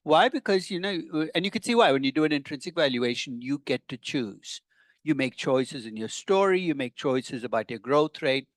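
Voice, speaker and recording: A man's voice: fairly high pitch, animated, moderate pace, dry recording. An older man, a professor giving a conversational classroom lecture with wry, teasing asides to his students.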